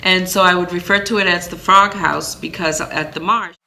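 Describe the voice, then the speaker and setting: A woman from Maine telling a personal story as a vlogger, in an animated, chatty way with fillers and restarts. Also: fairly low pitch, moderate pace, gravelly. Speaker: vlogger, single parent.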